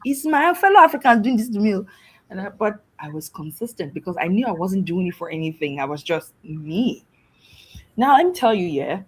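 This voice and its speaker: A woman from Nigeria talks as a guest, lively and quick to laugh. Her voice is husky, with a breathy edge that never quite goes away. She sits at a middle pitch for a woman. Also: rough recording. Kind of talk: animated storytelling talk.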